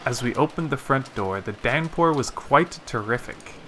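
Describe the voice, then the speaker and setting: A man narrating a visual novel aloud in a steady storytelling manner. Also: medium pitch, normal speed, noisy background. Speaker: let's play narrator.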